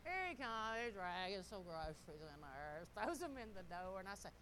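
A middle-aged woman, telling stories in a casual sermon, animated and laughing often as she talks to the congregation. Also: mid-range voice, moderate pace, few pauses, slight background noise, low-quality recording. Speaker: pastor's wife.

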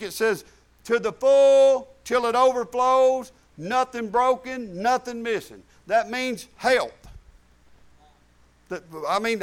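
A man's voice: very high voice, fairly bright tone, clear, resonant tone. A middle-aged man preaching a sermon in a folksy, emphatic way, repeating phrases for stress.

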